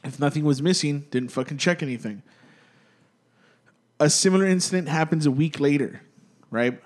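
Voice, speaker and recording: A man's voice: on the high side, moderate pace. Rambling, profane young man telling a story. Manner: rambling and profane, peppered with "dude" and restarts. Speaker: storyteller among friends. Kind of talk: casual chat, telling a spooky story.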